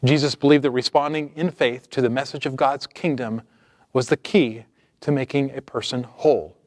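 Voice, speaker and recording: A man preaching a sermon as pastor, reading scripture aloud and explaining it in a measured way. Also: mid-range voice, fairly even intonation, a little mellow, dry recording, studio quality.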